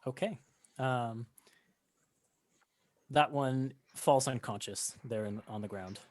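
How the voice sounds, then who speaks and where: A man running a tabletop game as game master, narrating in a relaxed way with lots of fillers. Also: mid-range voice, slow.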